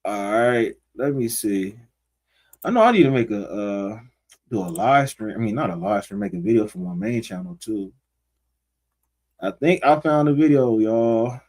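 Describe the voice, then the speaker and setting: A man's voice: on the low side, animated, moderate pace, a little mellow. A man hosting a casual livestream, reading out viewers' comments and reacting to them in loose, slangy talk aimed straight at his audience. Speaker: livestream host.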